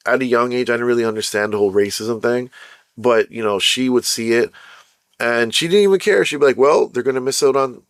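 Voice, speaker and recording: A man's voice: mid-range voice, dry recording, clean studio sound. A young man from Canada hosting his own podcast, telling a personal story in a casual, rambling way with plenty of fillers and restarts. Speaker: podcast host.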